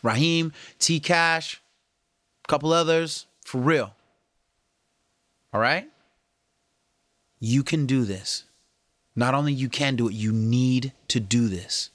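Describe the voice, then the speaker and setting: A man's voice: mid-range voice, measured pace, pauses often, dry recording. A man talking casually to viewers, coaching and encouraging them about health, with slangy, earnest delivery. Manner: earnest, coaching, slangy, animated when quoting others. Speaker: fitness and health vlogger. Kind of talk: casual motivational talk to camera.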